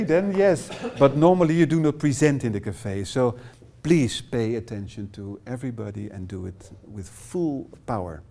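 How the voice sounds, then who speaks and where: A workshop trainer from the Netherlands leads a live workshop presentation in a small classroom, speaking with a Dutch accent. His voice is medium-pitched with a dark tone.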